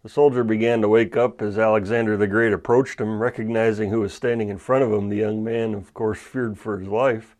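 Low-voiced male pastor, emphatic sermon. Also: steady tone, a little mellow. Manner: measured, emphatic scripture reading.

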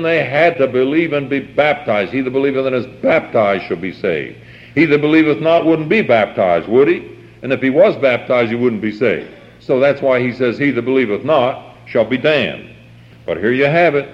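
An older man preaching a sermon, reading scripture aloud and stopping often to explain it, repeating key phrases with emphasis and asking the congregation to answer back. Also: medium pitch. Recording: dull lo-fi old sermon tape.

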